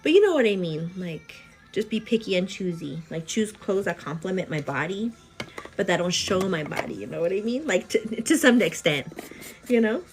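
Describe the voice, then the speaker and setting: A pregnant young woman chatting casually to her viewers while getting ready at home, animated and full of fillers. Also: mid-range voice, moderate pace, soft background music. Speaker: vlogger. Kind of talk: casual get-ready-with-me chat.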